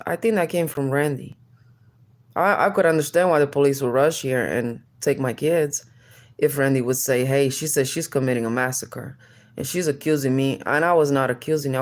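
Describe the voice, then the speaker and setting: A woman in her thirties with a somewhat low voice, venting straight to camera. She talks in a heated, rambling, profane stream, accusing her ex-partner again and again. The delivery is raw and confessional rather than polished. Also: a little mellow. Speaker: mother addressing her ex on camera. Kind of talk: angry confessional rant.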